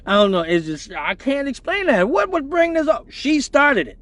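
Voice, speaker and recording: High-voiced man telling a wild story. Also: sing-song, normal speed, fairly bright tone. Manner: loose, profane, laughing, with many repeats. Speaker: exotic dancer hosting a weekly live show. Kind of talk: casual storytelling on a livestream.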